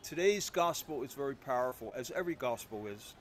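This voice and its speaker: Guy preaching at mass, chatty self-deprecating storyteller, middle pitch, bit of faint hiss. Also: lively intonation, fairly quick. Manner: self-deprecating storyteller, conversational with frequent restarts. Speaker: priest. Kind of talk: homily. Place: church.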